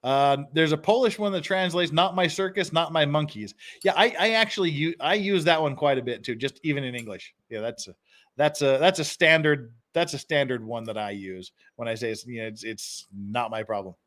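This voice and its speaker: Male stream host, slightly high voice, loose and chatty, quick to laugh. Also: a bit bright. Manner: chuckles often, reads phrases aloud. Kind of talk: casual live-stream commentary.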